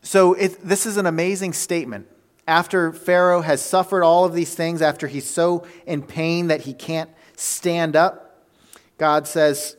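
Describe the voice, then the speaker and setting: A man's voice: fairly high pitch, fairly even intonation, measured pace. A man preaching a sermon, telling a story with energy and plenty of fillers and self-corrections.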